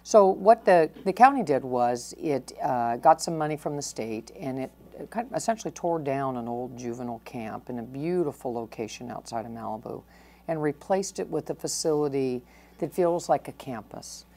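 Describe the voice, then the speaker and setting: This is a middle-aged woman, a county probation chief, with a deep voice and warm tone. She answers interview questions earnestly and in a measured way, often restarting her sentences.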